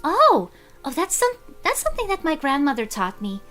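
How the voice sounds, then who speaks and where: A woman voicing a gentle, kind young female echidna girl in a soft, higher voice. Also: wildly swooping pitch, normal speed, soft background music, heavily acted.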